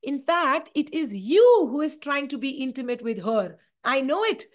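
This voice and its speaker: A woman's voice: high voice, lively intonation, normal speed. A woman voicing a bold, carefree young man who talks in a brash, emphatic way. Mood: defiant.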